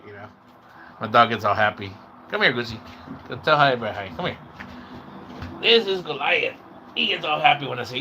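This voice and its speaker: A man hosting a loose, rambling livestream and chatting straight to his viewers. His voice is bright and forceful, and he mixes Spanish words into his talk. Now and then he breaks into excited whoops. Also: mid-range voice, a little hiss or hum. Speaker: livestream host. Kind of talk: casual livestream chat with viewers.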